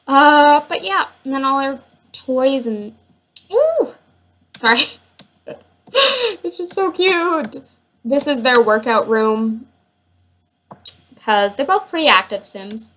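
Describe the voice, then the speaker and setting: Gushing, slow-talking woman with a high voice. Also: fairly bright tone, slight background noise. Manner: gushing, rambling, many fillers and self-interruptions. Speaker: gamer showing her household. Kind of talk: casual gameplay commentary.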